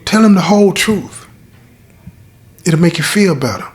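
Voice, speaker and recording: A man's voice: sits high, expressive, measured pace, pitched above the performer's own voice. A man voicing an earnest male inmate who urges a friend to tell the truth, in a told story. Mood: urging. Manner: urging, heartfelt.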